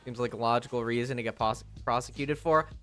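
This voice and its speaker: A man's voice: mid-range voice, fast, a bit bright. A male streamer in casual live-stream chat, rambling and joking with many fillers and restarts. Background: faint music.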